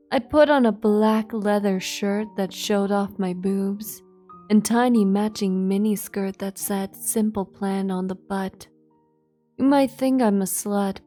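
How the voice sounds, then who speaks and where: A young woman reading a fan fiction aloud in a deadpan comic manner, with sarcastic asides. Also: mid-range voice. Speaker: virtual streamer reading aloud.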